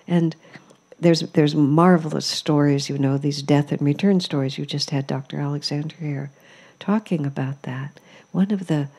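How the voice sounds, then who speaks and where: A woman gives a spiritual talk in an ashram, telling her stories with amused reflection. Her voice sits low and has a soft, mellow tone. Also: steady tone, moderate pace, husky. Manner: warm storytelling, amused, reflective. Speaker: spiritual teacher. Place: ashram hall.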